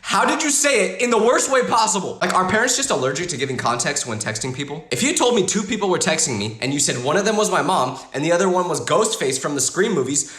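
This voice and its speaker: A man's voice: high voice, fast, hardly any pauses. A young man telling funny personal stories in a comedic, exaggerated way, acting out the people he quotes. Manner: animated, exaggerated outbursts and voiced quotes. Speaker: storytelling creator. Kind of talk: comedic storytelling.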